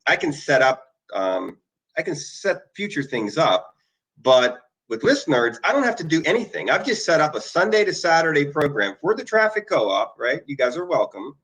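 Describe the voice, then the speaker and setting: A man's voice: on the high side, big pitch swings, normal speed, a bit bright, rough recording. A middle-aged man hosting an online marketing video, talking casually and rambling through emotional asides and eager plugs. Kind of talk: casual screen-share talk to viewers. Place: indoor conference room.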